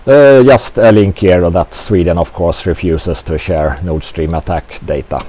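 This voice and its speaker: Slow, mellow-voiced man rambling on. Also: lowish voice, rough recording. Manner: slow, halting delivery with many fillers. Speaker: commentator. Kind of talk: rambling monologue commentary.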